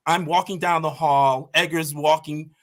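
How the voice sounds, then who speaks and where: A man's voice: fairly high pitch, steady tone, a little slow. A man as a podcast guest, telling stories about his martial arts team with passion and emphasis. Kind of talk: conversational storytelling.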